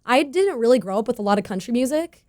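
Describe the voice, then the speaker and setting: Young woman from California, country singer guest; bubbly, laughs a lot, higher voice. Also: lively intonation, fast, a little mellow. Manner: bubbly, laughs often, acts out quoted voices. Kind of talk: casual interview chat.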